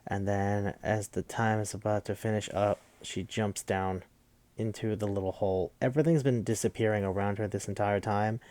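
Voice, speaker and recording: A man's voice: fairly low pitch, darkish tone, no room sound. A man hosting a podcast, retelling a movie plot in a rambling, profane casual way. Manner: rambling, profane, jumps into quoted voices. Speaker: podcast host.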